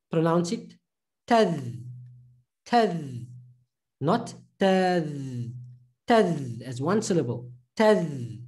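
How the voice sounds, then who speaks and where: A man gives a recorded pronunciation lesson at an unhurried, deliberate pace. His voice is warm and mellow, and he repeats each syllable patiently so learners can follow. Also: mid-range voice. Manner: patient, drills syllables with many slow repetitions. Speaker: Arabic reading teacher.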